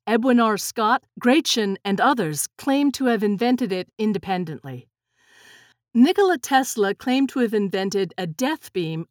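A woman narrating a children's storybook in a steady, clear reading voice. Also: a little high, no room sound, studio quality. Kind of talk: children's storybook read-aloud.

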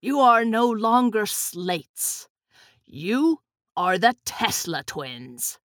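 A woman voicing a kind old grandfather who speaks slowly and gently. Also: mid-range voice, big pitch swings, dry recording, clean studio sound, heavily acted. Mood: tender.

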